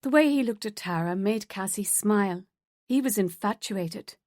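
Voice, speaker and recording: A woman narrating an audiobook in a steady storytelling voice. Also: mid-range voice, moderate pace, no echo, studio quality. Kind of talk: scripted narration.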